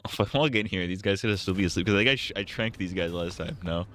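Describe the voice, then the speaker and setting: A man in crude, rambling talk over his gameplay stream, cracking jokes between moments of play. His voice is bright and forceful, with a fairly low pitch. The sound is dry and close, with no room around it. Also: fast, dry recording. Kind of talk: casual gameplay commentary.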